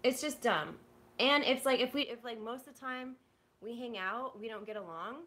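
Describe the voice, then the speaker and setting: Young woman vlogger, bright and high, candid frustrated venting with swearing. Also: normal speed. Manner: rambling, blunt, profane, frustrated. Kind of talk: candid venting to a live audience.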